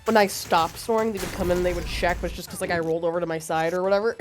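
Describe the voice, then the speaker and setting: A woman's voice: lowish voice, rapid-fire, soft background music. A woman casually chatting while playing a game, telling a story and acting out what people said. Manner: animated storytelling, acts out quotes. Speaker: streamer co-host. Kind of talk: casual chat while gaming.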